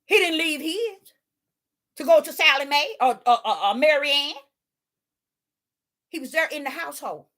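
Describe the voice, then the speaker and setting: A woman's voice: high voice, lively intonation, moderate pace, pauses often, a bit bright. A woman preaching informally, emphatic and rhetorical, with folksy dialect and phrases repeated for emphasis.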